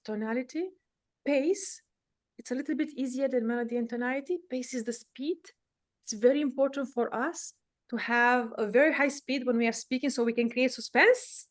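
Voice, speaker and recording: A woman's voice: a little high, normal speed. A woman teaching a live voice-coaching lesson. She explains each point emphatically and changes her delivery to demonstrate. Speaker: speaking and voice coach.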